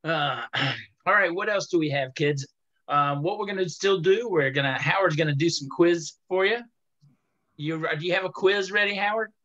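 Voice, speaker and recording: A man's voice: fairly high pitch, moderate pace, sharp tone. Easygoing man hosting over a dull call. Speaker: host of a club meeting. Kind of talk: casual chat on a video call. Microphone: video call. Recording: dull lo-fi video call audio.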